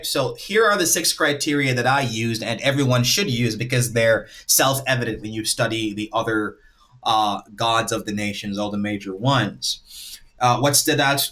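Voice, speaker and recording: A man's voice: mid-range voice, fairly bright tone. A man hosting a livestream in a casual way, lecturing and laying out his points one by one. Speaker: livestream host.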